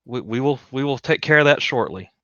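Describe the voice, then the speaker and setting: A gentle noble lady speaks softly and calmly, as a man puts her on. The voice is quiet and pleasant, with a bright, crisp tone. The sound is dry and a bit dull. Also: medium pitch, a little fast, no echo, lightly acted. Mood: soothing. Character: soft-spoken noble lady, calm and pleasant.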